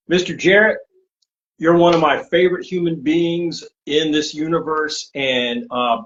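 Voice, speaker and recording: A man who is the guest on a talk show, speaking slowly and affectionately to the host. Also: a little high, highs cut off. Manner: slow, warm-spoken, affectionate. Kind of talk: casual talk show chat.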